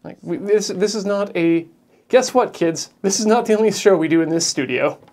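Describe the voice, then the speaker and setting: A woman's voice: medium pitch, moderate pace, a little mellow. A woman co-hosting a live stream in a studio, chatting casually while working with tools and trailing off mid-sentence. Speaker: stream co-host. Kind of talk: casual chat while tinkering.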